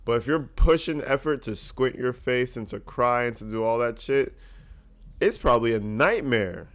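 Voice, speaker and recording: A man giving casual, joking reaction commentary, peppered with cursing and animated asides. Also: medium pitch, moderate pace.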